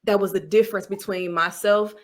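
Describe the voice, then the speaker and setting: Expressive woman giving speaking advice. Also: mid-range voice, brisk. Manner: animated, expressive, laughs easily. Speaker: podcast guest, speaking coach. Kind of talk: casual interview.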